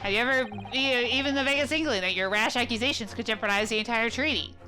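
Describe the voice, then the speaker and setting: Woman reading furious male game official, rapid indignant rant, game music behind. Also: a little high, bright, forceful tone.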